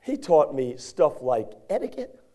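High-voiced folksy male preacher. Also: measured pace. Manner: folksy, animated storytelling with acted voices. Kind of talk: sermon with a personal story.

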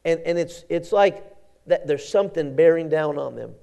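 A man's voice: on the high side, normal speed, creaky, mellow. A man preaching a sermon in a folksy, conversational storytelling way, often repeating words and restarting.

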